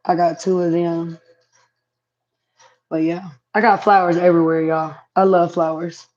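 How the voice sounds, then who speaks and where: A woman's voice: fairly low pitch, level tone, measured pace, a little mellow, dull audio. A woman chatting casually to viewers on a home livestream, reading comments aloud. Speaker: livestream host. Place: home, indoors.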